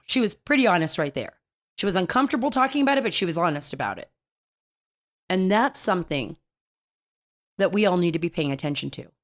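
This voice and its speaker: A woman hosting a casual talk show, chatty and animated, telling stories with big swings in her voice. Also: fairly low pitch.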